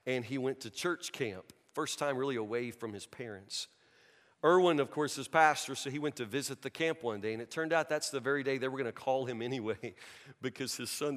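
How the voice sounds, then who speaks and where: Male pastor, mid-pitched voice, earnest pleading sermon, long hall reverb. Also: fairly bright tone. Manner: earnest, pleading, repeats words. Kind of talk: sermon with storytelling.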